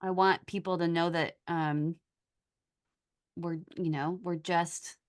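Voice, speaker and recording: Earnest low-voiced woman podcast host. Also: steady tone. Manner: earnest, halting with many pauses. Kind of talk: casual podcast chat.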